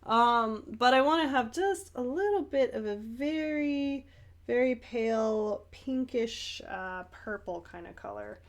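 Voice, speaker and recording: A woman's voice: on the high side, animated, a little slow. A young woman chatting casually while she paints, rambling with fillers and little laughs. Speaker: painting vlogger and art teacher. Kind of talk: casual paint-along chat.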